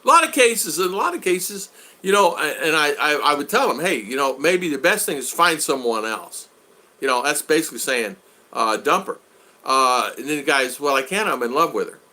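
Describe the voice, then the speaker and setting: An older man hosts a casual video chat as a vlog host, telling stories in an animated way and acting out exasperated quotes. He speaks at a normal speed in a fairly high-pitched voice.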